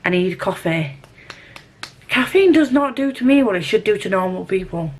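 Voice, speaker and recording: A young woman vlogging in a casual, rambling, animated way, poking fun at herself. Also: mid-range voice, normal speed, a little hiss or hum. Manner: chatty, rambling, animated, self-mocking. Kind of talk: casual rambling vlog chat.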